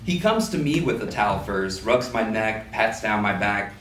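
A man reads a story aloud at a literary event, giving it lively first-person energy. The sound is roomy and a little distant, with faint room ambience behind him. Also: on the low side, moderate pace, slight background noise. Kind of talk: reading prose fiction aloud. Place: live reading event indoors.

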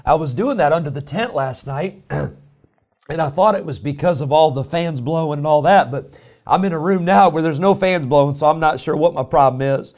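A man preaching a sermon, emphatic and building to loud exhortation, with a tickle in his throat. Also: on the high side, normal speed. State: throat-clearing, coughing. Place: indoor room.

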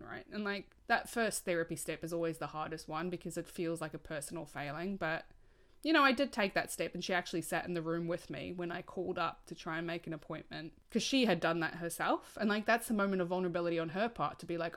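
A woman's voice: lowish voice, fairly quick, a bit bright. A young woman co-hosting a casual podcast chat, talking candidly and earnestly and often saying "like". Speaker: podcast co-host.

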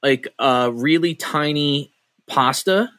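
A man's voice: on the high side, takes it slowly, a bit bright, dry recording. A man co-hosting a podcast from his home, rambling in casual chat with frequent restarts and casual swearing. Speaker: podcast co-host.

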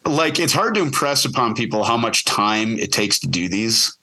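Here a podcast co-producer appears as the guest in a relaxed, rambling conversation full of jokes. He has a lowish, expressive voice with a sharp edge, speaks at a moderate pace, and keeps wandering off, fixing his own words, and joking around.

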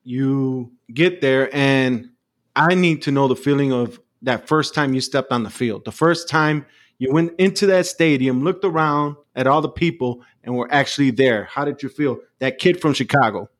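A man's voice: mid-range voice, normal speed. A man hosting an interview, asking questions with vivid scene-setting. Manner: builds questions with vivid setups. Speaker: interview host.

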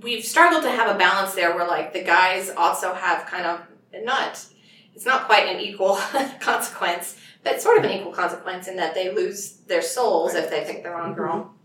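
A woman's voice: on the low side, moderate pace, fairly bright tone. A woman author talking casually about her writing, chatty and laughing often, with frequent restarts. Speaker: author guest. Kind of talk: casual conversation. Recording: roomy audio from a distance with faint noise.

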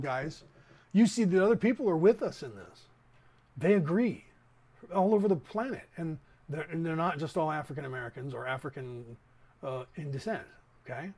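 A man's voice: on the high side, darkish tone. A man in his fifties from the San Francisco Bay Area, hosting a casual opinion monologue that rambles and speaks straight to listeners. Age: 50s. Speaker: podcast host.

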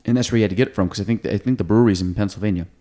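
A man's voice: fairly low pitch, very fast, mellow. A man hosting a podcast in casual chat, rambling and thinking aloud. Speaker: podcast host.

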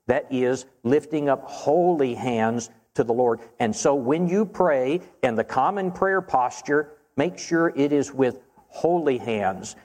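A man preaches in a steady mid-range voice, answering Bible questions in a measured, earnest way. He slows down on the phrases he wants to stress. His voice carries a long reverb from a church auditorium. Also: medium pitch.

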